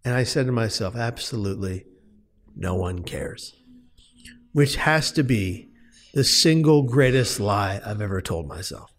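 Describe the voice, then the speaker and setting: A man's voice: medium pitch, expressive, moderate pace. A man speaking as an interview guest, telling a personal story earnestly and with emphasis, often restarting his words.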